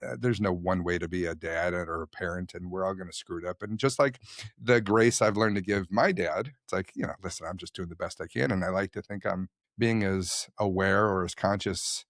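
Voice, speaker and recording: A man's voice: low-pitched, brisk, fairly bright tone, dry recording, clean studio sound. A man hosting a podcast who speaks reflectively and candidly, often poking fun at himself. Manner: candid, self-deprecating, thoughtful. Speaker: podcast host. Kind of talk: reflective conversational talk.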